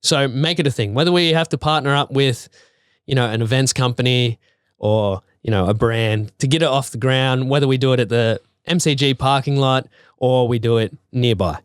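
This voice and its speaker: A man's voice: mid-range voice, normal speed, clean tone, dry recording, clean studio sound. A man co-hosting a podcast in casual chat, telling a news story loosely with lots of "like" and "you know". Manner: relaxed storyteller, many "like" and "you know" fillers. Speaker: podcast co-host.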